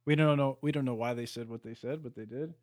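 A man's voice: mid-range voice, quick pace, a little mellow. A man co-hosting a podcast, chatting casually in short laid-back remarks. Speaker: podcast co-host. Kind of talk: casual chat.

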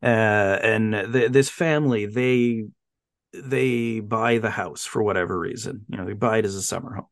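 A podcast co-host with a lowish voice chats casually about films, retelling plots with animated storytelling and quick, silly character voices. The recording is dry and studio quality.

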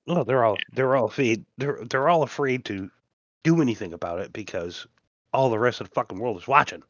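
A man's voice: medium pitch, expressive, brisk, fairly bright tone, no echo, dull audio. A man co-hosting a podcast in casual chat, answering in short bits and laughing often. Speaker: podcast co-host.

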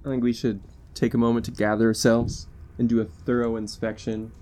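A man's voice: medium pitch, level tone, a little fast, warm tone. Guy playing a tabletop game, jokey and kinda hesitant. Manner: playful, chatty, hesitant. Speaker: player. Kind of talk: casual tabletop play.

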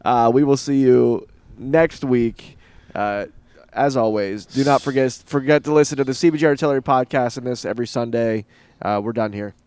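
A man's voice: medium pitch, normal speed, darkish tone, clean tone, no room sound. A man co-hosting a casual fan podcast, joking and laughing often. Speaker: podcast co-host. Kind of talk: casual chat.

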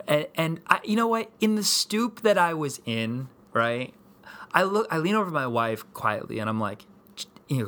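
A man in his thirties, a pastor, telling a personal story in a sermon, rambling with many restarts. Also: a little high. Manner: rambling, repetitive restarts, animated.

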